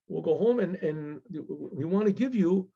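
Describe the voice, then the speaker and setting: A man, a rabbi, telling a story in a casual, animated way, acting out the characters' voices and often clearing his throat. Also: a little high, slow pace, lo-fi sound. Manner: animated, acts out voices with rising emotional pleas; frequent throat clearing and restarts.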